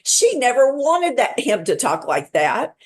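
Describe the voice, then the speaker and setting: A woman author talking as a guest on a podcast, telling stories in a lively, chatty way with quick asides. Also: a little high. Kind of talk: casual podcast chat.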